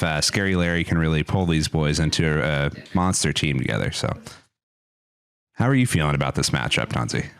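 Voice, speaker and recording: Deep-voiced, friendly esports co-caster, man. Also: clean tone. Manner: friendly, hesitant, many restarts. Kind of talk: casual esports broadcast commentary.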